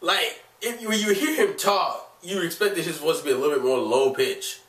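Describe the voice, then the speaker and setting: A man's voice: a little high, fairly quick, a bit bright, far from the mic. Rambling man with a cold, echoey room. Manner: rambling, full of "like" and restarts. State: has a cold, coughing. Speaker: anime vlogger. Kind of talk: casual review vlog. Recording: echoey room, away from the mic.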